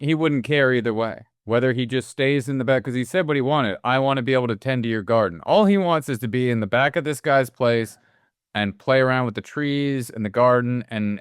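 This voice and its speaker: Smooth-voiced man in lively podcast talk. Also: mid-range voice, no echo, studio quality. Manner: animated, quick asides, swears casually. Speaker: podcast co-host. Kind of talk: casual film discussion.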